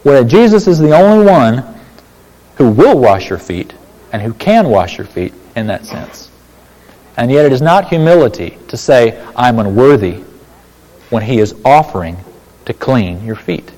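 Animated male preacher in a reverberant hall. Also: mid-range voice, moderate pace. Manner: animated, emphatic preaching with asides. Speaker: pastor. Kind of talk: sermon.

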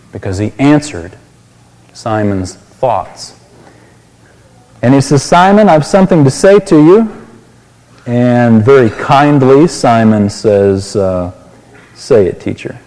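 A man's voice: medium pitch, mellow, big-room sound, rough recording. A pastor preaching a sermon, explaining a Bible passage and asking his listeners questions.

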